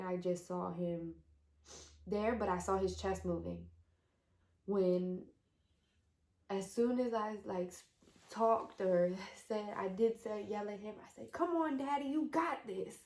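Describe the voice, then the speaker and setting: A young woman vlogger telling a personal story to the camera, emotional and halting, with many pauses. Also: mid-range voice, darkish tone. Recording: echoey room.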